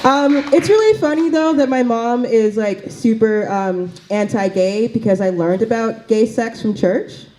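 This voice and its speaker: A woman's voice: fairly high pitch, a little slow, few pauses, mellow, slight background noise, poor audio. A woman doing a stand-up comedy set in a small cafe, chatty and full of fillers and asides.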